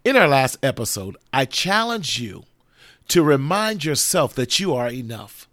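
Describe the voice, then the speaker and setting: A woman's voice: a bass voice, sing-song, unhurried, fairly bright tone. A woman hosting a motivational self-help talk, speaking in an emphatic, preacherly way and leading listeners in affirmations they repeat after her. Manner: emphatic, preacherly, leads call-and-response affirmations. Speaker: motivational podcast host.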